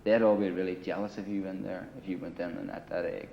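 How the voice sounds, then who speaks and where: A man's voice: low-pitched, flat delivery, fast talker, creaky, a little hiss or hum. A man casually telling a long war story in a grungy apartment, rambling and profane, with lots of "you know" and "right.". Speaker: interviewee telling war stories. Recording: dull lo-fi 1980 film audio.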